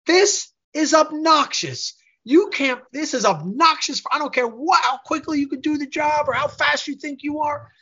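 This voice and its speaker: A man acting out a furious business owner who scolds a young contractor, loud and repetitive. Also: sits high, quick pace, vocal fry, muffled recording, exaggerated voice. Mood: scolding. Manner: loud, scolding, repeats himself.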